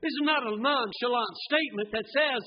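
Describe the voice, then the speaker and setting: A man preaching a sermon in a church, fervent and swinging from hushed tones to shouting, often asking the congregation rhetorical questions. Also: very high-pitched, brisk, lo-fi sound, a little hiss or hum. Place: church sanctuary.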